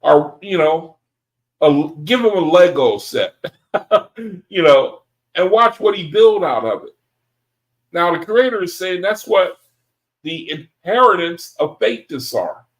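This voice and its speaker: Excitable man leading a scripture study. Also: sits high, takes it slowly, long pauses, poor audio. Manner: excitable, laughing, talks to the group as brethren. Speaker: Bible study leader. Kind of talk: reading scripture aloud and commenting.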